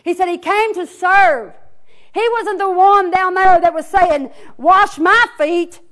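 A woman preaching a Pentecostal sermon in church, swinging from hollering to a hushed near-whisper. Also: very high-pitched, measured pace. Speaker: pastor. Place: church sanctuary.

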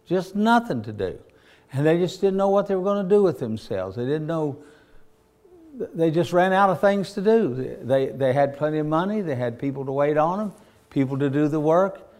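A man's voice: a little high, darkish tone. A man preaching a sermon, telling stories in a folksy way and rising to fervent emphasis. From Virginia, USA.

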